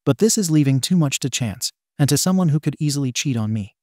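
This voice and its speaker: A man narrating online posts in the first person, reading in a steady, even way. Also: fairly high pitch, fast talker, no room sound, clean studio sound. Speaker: story narrator.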